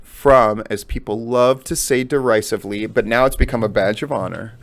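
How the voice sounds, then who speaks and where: A man's voice: mid-range voice, moderate pace, few pauses. A middle-aged man giving a blunt, profane solo commentary on wrestling news, repeating his points for emphasis. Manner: blunt and profane, heavy swearing.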